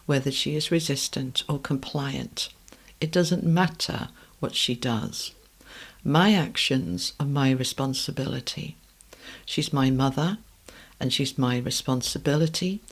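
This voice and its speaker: A middle-aged British woman hosting a podcast, telling a personal story in a calm, measured way that sometimes drops to a soft hush. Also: low voice. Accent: British English. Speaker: podcast host.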